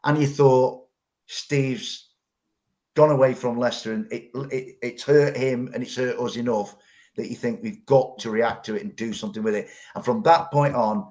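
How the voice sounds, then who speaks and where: A man's voice: medium pitch, steady tone, moderate pace, darkish tone. A middle-aged man, telling long stories as a pundit in a casual football podcast chat, often repeating words as he goes.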